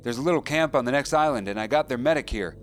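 A man voicing a frantic soldier who calls out loudly and is close to tears as he rescues his buddy. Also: mid-range voice, quick pace, faint music behind, voice pushed up, close to an everyday voice. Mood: tearful relief. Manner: shouting, emotional, near tears.

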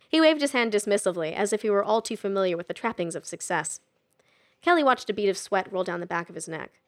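A woman narrating a novel in a steady, even storytelling manner. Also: mid-range voice, quick pace. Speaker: audiobook narrator. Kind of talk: scripted narration.

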